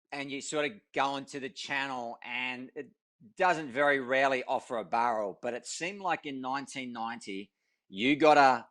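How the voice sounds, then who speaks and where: A man's voice: mid-range voice, fairly bright tone. A man hosting a podcast, asking long, rambling questions in a casual interview. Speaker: podcast host.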